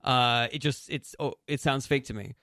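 Bright, clear man rambling in chat. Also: mid-range voice, normal speed, no echo, clean studio sound. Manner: rambling, filler-heavy, full of "like" and "uh". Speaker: radio show co-host. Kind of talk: casual chat.

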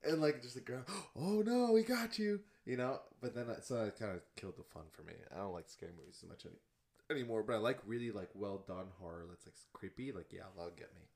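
Young male podcast co-host, animated and laughing, hiccuping through casual chat. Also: low voice, fast, vocal fry. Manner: animated, laughs loudly, says bro and dude. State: has the hiccups.

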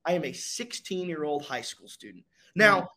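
Animated young man telling a story. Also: fairly high pitch, normal speed. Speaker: guest, racing driver. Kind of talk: storytelling in a casual interview.

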